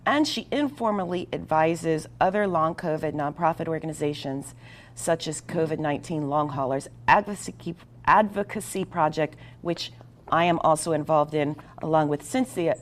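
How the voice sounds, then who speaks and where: Reading out a guest introduction on her talk show, a deep-voiced woman sounds earnest and emphatic, with small stumbles here and there.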